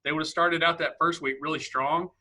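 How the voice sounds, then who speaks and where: A man hosting a casual interview over a video call, chatty and quick to laugh. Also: fairly high pitch, fairly even intonation, sharp tone. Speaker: podcast host.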